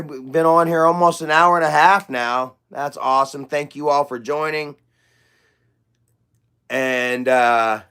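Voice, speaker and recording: A man's voice: a little high, fairly bright tone, smooth. A young man hosting a casual livestream chat, rambling, loose and profane, with lots of fillers. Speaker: livestream host.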